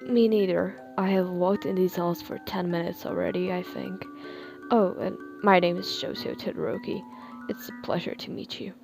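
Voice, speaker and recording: Shoto Todoroki, a flat, quiet teen boy as a woman reads him. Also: fairly low pitch, moderate pace, vocal fry, soft background music. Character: calm stoic teenage boy hero. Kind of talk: fan fiction reading.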